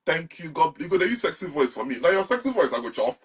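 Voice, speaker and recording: Nigerian-accented young guy for a chat interview: husky, fairly high voice, animated, flips between Pidgin and English. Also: very fast. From Nigeria, Anambra. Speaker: guest. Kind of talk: casual interview talk.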